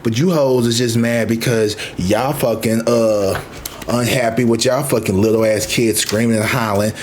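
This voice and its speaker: Animated profane man in his thirties. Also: medium pitch, normal speed, a little hiss or hum. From Missouri, USA. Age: 30s. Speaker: vlogger. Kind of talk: casual storytelling.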